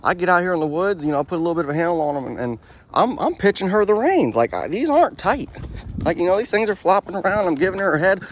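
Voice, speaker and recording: A man's voice: sits high, lively intonation, quick pace. A young man in his twenties, a horse trainer, talking in a laid-back, rambling, reflective way while riding outdoors on a wooded trail. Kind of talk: casual vlog narration while riding. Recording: faint outdoor noise.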